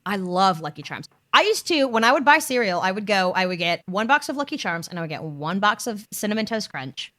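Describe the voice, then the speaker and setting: A woman co-hosting a podcast in casual chat, playful and quick to laugh, talking from home over a video call. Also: medium pitch, very animated, pushed and bright, no room sound, studio quality. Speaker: podcast co-host.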